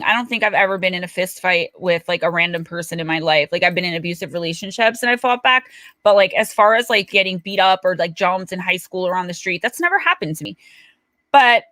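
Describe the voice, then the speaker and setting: Middle-aged New woman, livestream host, bright tone, dry close sound, chatty and quick to laugh. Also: mid-range voice, no room sound. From Paterson, New Jersey. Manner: chatty, animated storyteller who laughs often. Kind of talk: casual livestream chat.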